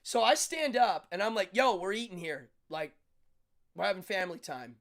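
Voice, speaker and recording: Middle-aged male streamer, lively storyteller who acts out the dialogue, pitch swinging widely, casual. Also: moderate pace, gravelly. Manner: animated storytelling, acts out dialogue, frequent restarts. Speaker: livestream host. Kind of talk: casual chat with live viewers.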